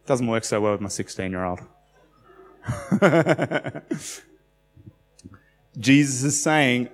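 A man's voice: mid-range voice, animated, takes it slowly, pauses often, big-room sound, faint music behind. A man in his forties with an Australian accent, preaching a sermon in a conversational way and asking the congregation questions. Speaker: pastor.

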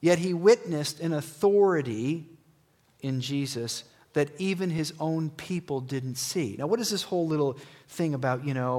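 Animated male preacher telling a story. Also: on the high side, moderate pace. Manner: animated, shifting between loud and hushed. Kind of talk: sermon storytelling. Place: church.

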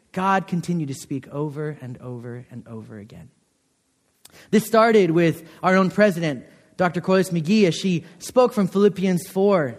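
A young man giving a chapel sermon in a college chapel, talking in an earnest, conversational way with many fillers. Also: sits high. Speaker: chapel speaker. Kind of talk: chapel sermon with personal story. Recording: long hall reverb.

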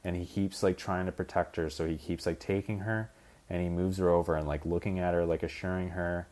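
A man's voice: sits low, steady tone, fairly quick, a little mellow. A young man hosting a solo podcast, rambling casually with lots of fillers, swearing, and acting out scenes as he retells them. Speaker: podcast host. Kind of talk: casual rambling film chat.

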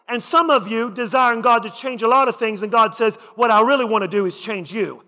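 A man with a very high voice preaches to a congregation, driving his points home with repeated phrases and climbing to shouts. His voice rings through a big church hall with a long tail of reverb. The sound is muffled and lo-fi. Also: a little fast, hardly any pauses. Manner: rhythmic preaching with repetition, building to shouts. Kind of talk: sermon. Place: church sanctuary.

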